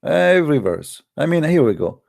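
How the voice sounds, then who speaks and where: A man with a gravelly, creaky voice hosts a call-in debate, blunt and scornful, hammering his points through repetition. The sound is dry and close to the mic. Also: on the high side, sing-song, moderate pace, darkish tone, dry recording. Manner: blunt and scornful, repeats himself. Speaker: host of call-in debate show.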